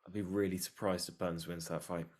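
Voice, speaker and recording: A man with a low, deep voice talks in a loose, excitable way, joking as he goes. It sounds like an easy chat among friends on a podcast. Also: a little fast. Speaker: podcast co-host. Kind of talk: casual sports chat.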